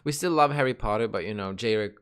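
A man hosting a casual reaction video, giddy and excitable, swearing and laughing often. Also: on the low side, quick pace, background noise.

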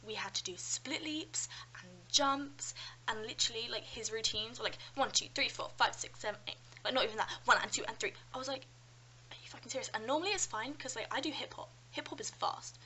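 A woman's voice: fairly high pitch, fairly quick, a little hiss or hum, rough recording. Chatty young British woman vlogger. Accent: British English. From London, England. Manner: chatty, animated storytelling with frequent "like" and "um". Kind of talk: casual chat.

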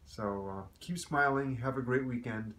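A man telling a joke in a relaxed, friendly way, chatting with fillers as he greets and signs off to his viewers. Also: mid-range voice, moderate pace, slight background noise. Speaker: joke teller. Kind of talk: casual joke telling to camera.

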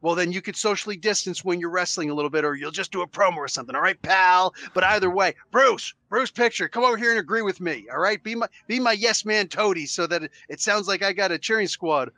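A man's voice: high-pitched, fast, hardly any pauses, pushed and bright, dry recording. A man doing a blustering, bossy wrestling boss. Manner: blustering, pushy, ends lines with "pal". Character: gruff bossy male wrestling boss, middle-aged.

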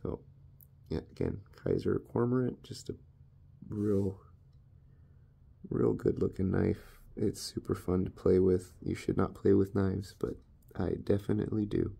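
A man's voice: low-pitched, expressive, measured pace, vocal fry, dark tone, husky. A man casually reviewing his knives in a laid-back, rambling, self-deprecating way. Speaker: knife reviewer.

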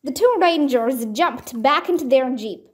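A woman reads a children's storybook aloud in a high, clear voice. She takes her time, pausing deliberately through each sentence. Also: animated. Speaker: storybook reader. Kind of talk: children's book read-aloud.

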